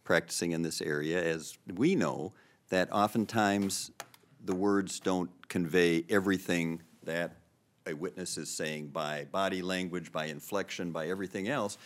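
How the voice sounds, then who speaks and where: A very low-pitched man sits on the bench, putting pointed questions to a lawyer. He speaks in a measured, deliberate way, returning to his question. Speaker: appellate judge. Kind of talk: questioning counsel in court.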